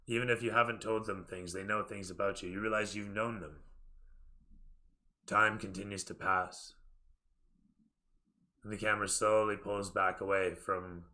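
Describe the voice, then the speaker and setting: A man's voice: on the low side, steady tone, moderate pace, long pauses, sharp tone. A man narrating a tabletop role-playing game as dungeon master, describing scenes cinematically to his players.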